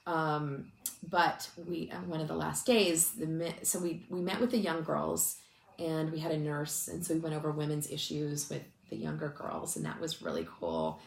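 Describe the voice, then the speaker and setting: Woman speaker w low gravelly voice, rambly chatty storytelling, kinda teary, echoey room. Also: normal speed. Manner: chatty, many restarts and fillers. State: emotional, close to tears. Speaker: ministry speaker. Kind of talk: casual storytelling talk. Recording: echoey room with faint noise.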